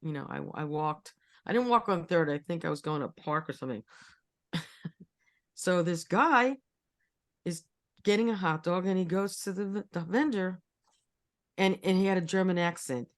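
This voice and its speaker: A woman in her sixties co-hosting a casual chat, telling stories in a lively way and often repeating words. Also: on the low side, moderate pace, long pauses. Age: 60s. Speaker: co-host.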